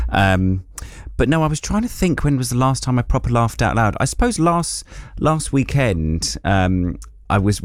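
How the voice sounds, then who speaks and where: A man's voice: fairly low pitch, no room sound, studio quality. A stand-up comedian telling a casual anecdote, self-deprecating and laughing as he talks.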